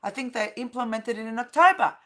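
A middle-aged woman talks straight to her viewers in a high voice. She lectures bluntly, swears often and hammers her points home by repeating them. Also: expressive, fairly quick, fairly bright tone. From Australia. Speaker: vlogger, counsellor.

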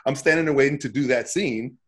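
Animated man telling set stories. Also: medium pitch, fast. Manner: animated, acts out quoted voices and laughs often. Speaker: guest actor. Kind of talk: casual interview storytelling.

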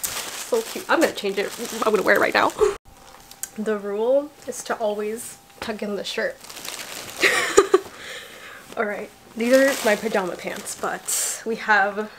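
A young woman chatting casually to her viewers as she unpacks a parcel, bubbly and talkative. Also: medium pitch. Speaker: vlogger. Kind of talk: casual unboxing vlog.

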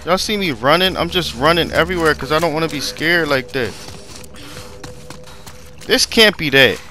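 A man from Pennsylvania doing live gameplay commentary, chatting with viewers and yelling when the game scares him. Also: fairly high pitch, fast, slight background noise. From Pennsylvania, USA. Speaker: gamer playing on camera. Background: game music.

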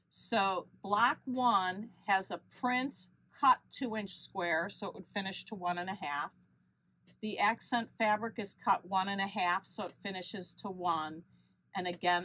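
A woman walks through a quilting tutorial at a slow, patient pace. Her voice sits at an ordinary middle pitch, and she fixes small slips as she goes. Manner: steady step-by-step explaining with small self-corrections. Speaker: quilting channel host. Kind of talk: unscripted sewing tutorial.

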